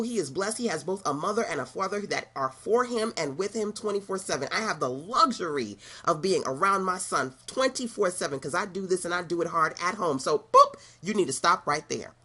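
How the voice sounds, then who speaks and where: A middle-aged woman from Brooklyn, New York, with a slightly rough, somewhat bright voice on the low side, delivers a motivational monologue as an online business coach. She is emphatic and repetitive, with laughing asides.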